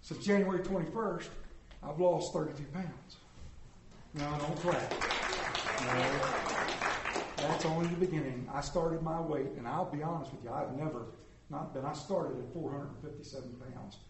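A man preaching a candid, humorous sermon, swinging from loud jokes to quiet confession. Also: a little high, normal speed, reverberant, crowd noise, background noise. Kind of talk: conversational sermon.

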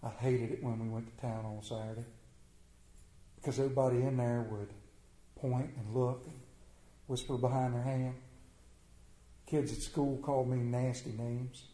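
A humble older mountain man, as a preacher puts him on, speaks low and hushed. His voice is mellow and a touch dark. The room around him rings like a church. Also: level tone, moderate pace, long pauses, reverberant, close to an everyday voice, low-quality recording. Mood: wistful. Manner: low, hushed, confiding storytelling.

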